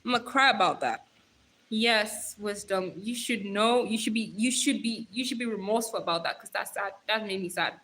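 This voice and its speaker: A woman's voice: mid-range voice, normal speed, fairly bright tone. A young woman hosting a live stream, chatting casually and teasing her viewers as she reads their comments, with slang and frequent laughs.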